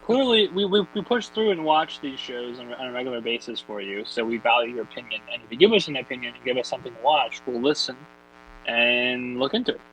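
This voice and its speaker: A man with a Philadelphia accent co-hosting a casual podcast, laid-back and quick with interjections. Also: mid-range voice, a bit bright, a little hiss or hum, poor audio. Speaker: podcast co-host.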